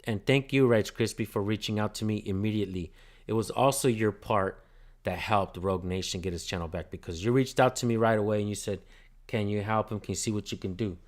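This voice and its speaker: A man's voice: lowish voice, a little fast. A man hosting a casual livestream, telling a story bluntly with lots of swearing and thanking his viewers. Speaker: channel host filming police.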